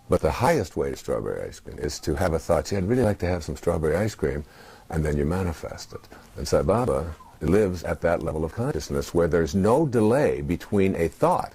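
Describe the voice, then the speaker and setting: Man, sixties, very low voice, dark warm tone, reflective interview guest, halting with fillers. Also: breathy edge. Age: 60s. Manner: soft-spoken, halting, with many fillers.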